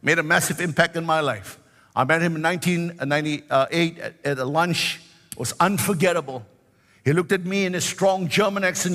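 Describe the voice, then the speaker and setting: High bright-voiced preacher in his sixties. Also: a little fast, big-room sound. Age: 60s. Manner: fervent preaching with frequent hallelujahs and sing-song emphasis. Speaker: pastor. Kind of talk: sermon.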